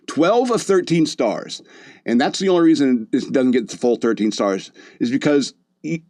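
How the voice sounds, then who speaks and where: A man's voice: medium pitch, a little mellow, no room sound. A man hosting a podcast, chatting loosely about a movie with lots of fillers and restarts. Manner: rambling, loose delivery with many fillers and restarts. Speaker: podcast host. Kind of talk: casual movie review chat.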